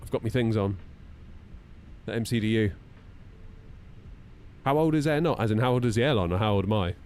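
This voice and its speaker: A flight sim streamer in his 30s chats and jokes with viewers while working through checklists on a live stream from his home simulator room. His voice is lowish, a little mellow, and fairly quick, with a bit of hiss or hum, and his banter is self-mocking.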